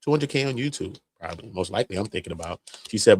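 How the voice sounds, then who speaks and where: A man's voice: lowish voice, fast, slight background noise. A man hosting a live stream, giving casual slangy commentary with mocking asides. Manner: animated, slangy, mocking impressions.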